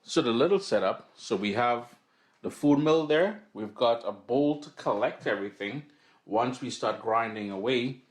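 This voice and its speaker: A man's voice: mid-range voice, expressive, normal speed. A man hosting a home cooking demonstration in an upbeat, chatty way, recorded in his kitchen. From Caribbean. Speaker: cooking show host. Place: home kitchen and living room.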